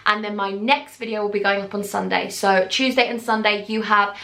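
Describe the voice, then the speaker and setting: A woman's voice: medium pitch, steady tone, brisk, fairly bright tone. A young woman in her twenties telling a personal story in a vlog, tearful, earnest and heartfelt as she speaks straight to her viewers. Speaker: YouTuber.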